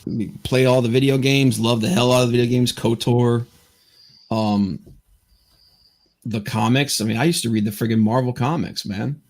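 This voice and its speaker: A man's voice: mid-range voice, steady tone, normal speed, a little mellow. Rambling, stammering podcast host man. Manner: rambling, stammering, lots of fillers. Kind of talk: casual chat.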